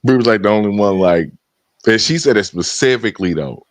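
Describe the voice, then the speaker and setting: A man's voice: fairly low pitch, animated, a little fast, dry recording. A man in casual conversation, blunt and sardonic, chuckling as he makes his points. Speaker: co-host. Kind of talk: casual chat.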